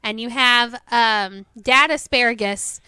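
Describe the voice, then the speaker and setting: A woman co-hosting a podcast in animated, casual chat, laughing often. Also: a little high, slow pace, clear, resonant tone, dry recording, studio quality. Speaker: podcast co-host.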